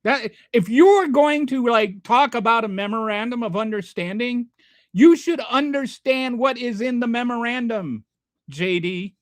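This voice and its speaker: A man's voice: very high voice, lively intonation, a little slow, dry recording, studio quality. A male host giving sarcastic, rambling political commentary on a livestream and reading chat. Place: home near a small Texas town.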